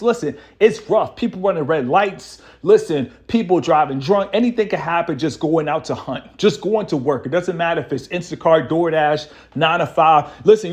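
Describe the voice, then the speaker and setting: A man giving a preachy, repetitive relationship-advice monologue as the show's host. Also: high-pitched. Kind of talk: motivational monologue to camera.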